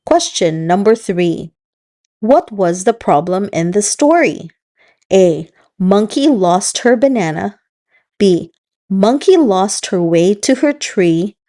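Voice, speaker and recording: A woman hosting a children's read-aloud, telling the story in a slow, encouraging teacher's manner. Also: medium pitch, lively intonation, dark tone. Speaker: children's book reader and host.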